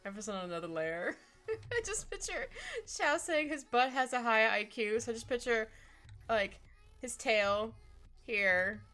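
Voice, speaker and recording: A woman's voice: fairly high pitch, expressive, a little slow, a bit bright. A young woman chatting casually and playfully with her viewers as she draws on a live stream, laughing often. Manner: giggly, playful, talks to chat. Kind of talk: casual chat while drawing. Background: faint music.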